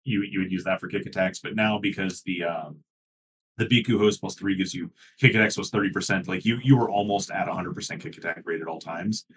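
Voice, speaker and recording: A man's voice: deep voice, steady tone, a little fast, husky. A man co-hosting a casual gaming podcast, explaining things at length with many fillers. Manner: explanatory, many ums and likes, laughs easily. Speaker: podcast co-host.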